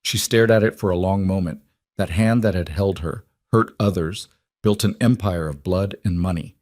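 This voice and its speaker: A male narrator reads a dramatic romance story in an even, storytelling way. His voice is on the low side. The sound is dry and close, with no room echo. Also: moderate pace.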